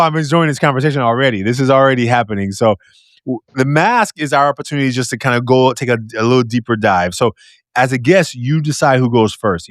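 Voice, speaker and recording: A man hosting a podcast interview with a loud, deep, projecting voice, talking in an animated, expressive way and laughing often. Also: no echo, studio quality. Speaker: podcast host. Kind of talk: casual conversational interview.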